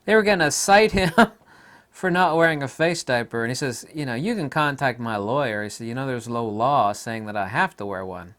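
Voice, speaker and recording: A middle-aged American man in a casual, ranting monologue, with sudden loud outbursts. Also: mid-range voice, moderate pace. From United States. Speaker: video commentator.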